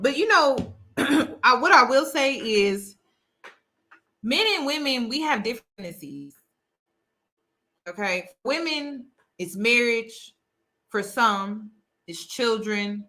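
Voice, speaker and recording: Woman host, bright and forceful tone, emphatic commentary to camera, repeats her points. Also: a little high, expressive, slow, long pauses. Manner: emphatic, repeats key phrases.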